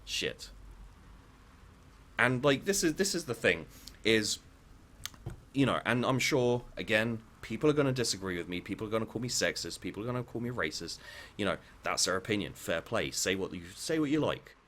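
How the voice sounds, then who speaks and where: A deep-voiced man rants into his own vlog with a faint hiss in the background. He is blunt and sweary and circles back over his own phrases as he argues his point. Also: very animated, moderate pace, a bit bright. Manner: blunt, sweary, repetitive restarts. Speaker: vlogger. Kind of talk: heated opinion rant.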